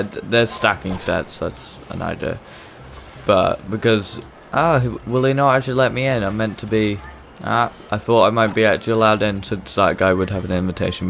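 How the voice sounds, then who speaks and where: A man's voice: lowish voice, steady tone, normal speed, vocal fry, a bit bright, slight background noise. A young man, chatty and self-mocking, commenting on his own gameplay. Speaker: gaming channel host. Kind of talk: let's-play commentary. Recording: gameplay video with faint game music behind.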